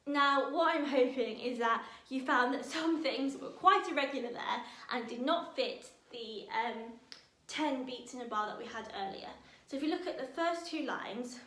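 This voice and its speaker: A woman leading a drama workshop for teenagers, explaining a play in a lively, chatty way with the odd laugh. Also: high-pitched, normal speed. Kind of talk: online lesson for teenagers. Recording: roomy echo.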